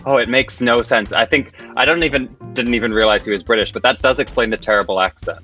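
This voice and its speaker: Bright-voiced male guest, expressive and quick to laugh. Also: medium pitch, faint music behind. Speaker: guest reviewer. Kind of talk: casual film review chat.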